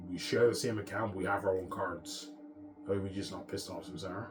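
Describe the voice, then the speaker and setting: A man's voice: sits low, fairly even intonation, brisk. A man in a rambling, repetitive monologue, boastful and profane, talking straight to his audience. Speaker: vlogger. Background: music.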